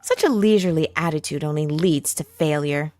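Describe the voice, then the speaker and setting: A woman's voice: deep voice, fairly quick, darkish tone, no echo, soft background music, pitched below the performer's own voice, lightly acted. Woman voicing a determined, paranoid heroine for a game, grave and formal delivery, dry recording. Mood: stern.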